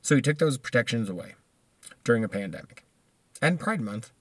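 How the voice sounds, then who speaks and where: A man's voice: mid-range voice, expressive, a little fast, no echo. A man, ranting casually and profanely in a monologue, laughing often between points.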